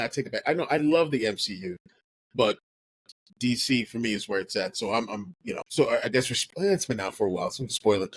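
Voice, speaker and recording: A man hosting a casual geeky chat, excitable, stammering and restarting, his voice jumping high when animated. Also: no echo, low-quality recording. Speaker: podcast host.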